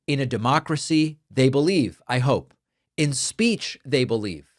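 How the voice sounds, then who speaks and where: Man, native Spanish speaker, political commentary host, emphatic, measured, dry studio mic. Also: mid-range voice, animated, dry recording. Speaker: show host. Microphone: studio dynamic microphone.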